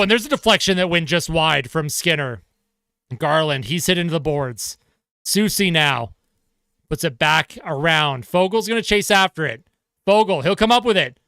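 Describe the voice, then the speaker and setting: A man calling a hockey game live from his own setup, eager and ready to erupt on a big play. His voice sits high and sounds bright and crisp. The sound is close and dry. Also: dry recording. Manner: excitable, shouts on goals, laughs at himself. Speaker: fan play-by-play commentator.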